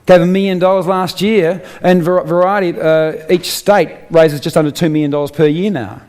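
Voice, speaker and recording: Australian man, inspirational speaker, rhetorical questions, slightly high-pitched. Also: steady tone, normal speed, a little mellow. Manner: emphatic storyteller, rhetorical questions. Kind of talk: motivational speech. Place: on stage.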